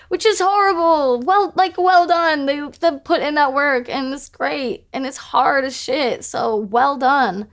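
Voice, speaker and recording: Candid young woman, high-pitched, swearing freely. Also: unhurried. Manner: frank, fills speech with "like", swears casually; wry, self-mocking humor. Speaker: musician discussing her album. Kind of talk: candid interview talk.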